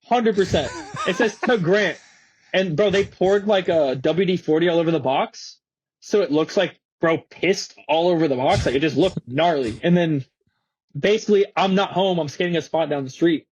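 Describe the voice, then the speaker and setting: A man's voice: on the high side, normal speed, husky, rough recording. A young man from Florida, an interview guest telling a story casually, full of slang and fillers. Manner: slangy, animated, swearing, many fillers.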